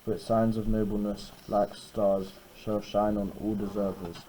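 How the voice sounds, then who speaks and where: A male student reading the lines of an aging, grateful king aloud in class, slowly and haltingly, with small slips. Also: lowish voice, level tone, warm tone, close to an everyday voice. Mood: solemn. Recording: noisy classroom recording.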